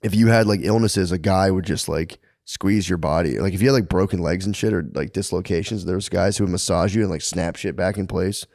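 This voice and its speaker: A man's voice: sits low, brisk, hardly any pauses, darkish tone, no echo, studio quality. A man co-hosting a comedy podcast, telling a story in a rambling way with lots of filler words. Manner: rambling storyteller, heavy "like" filler, acts out quotes. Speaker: podcast co-host. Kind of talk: casual comedy podcast chat.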